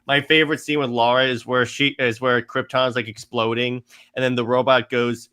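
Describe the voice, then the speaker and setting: A man's voice: mid-range voice, flat delivery, fairly quick, few pauses, sharp tone, clean tone. A man co-hosting a casual comics podcast, stating strong opinions with frequent stammers. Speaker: podcast co-host. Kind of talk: casual chat about comics.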